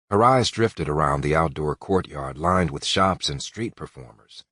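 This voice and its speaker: A man narrating a romance audiobook in the first person, calm and measured. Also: very deep voice, no echo, clean studio sound.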